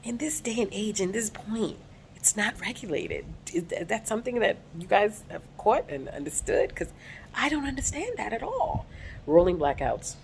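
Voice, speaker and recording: A woman's voice: mid-range voice, very animated, moderate pace, gravelly, slight background noise. A woman with an American accent, talking in a casual vlog, voicing emphatic and outspoken complaints. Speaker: vlogger.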